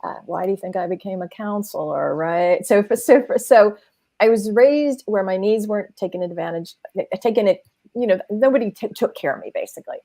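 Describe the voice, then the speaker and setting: A middle-aged woman from Arizona talks in a chatty, candid way. She often restarts and repeats her words. Her voice is mellow and a little gravelly. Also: mid-range voice, a little fast, no room sound. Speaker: guest co-host, counselor. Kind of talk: casual chat.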